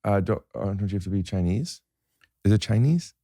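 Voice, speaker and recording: A man's voice: fairly low pitch, animated, fairly quick, warm tone, no room sound, clean studio sound. A man hosting a podcast, chatting casually, rambling and joking with lots of fillers and restarts. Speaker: podcast host. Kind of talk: casual chat.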